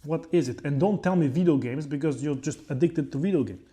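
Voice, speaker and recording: Young French-accented male vlogger, mellow and dark, slightly high, rambling and swearing casually. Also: fairly quick. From France. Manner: rambling and profane, with frequent asides. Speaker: chef and fitness creator. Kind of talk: casual vlog monologue.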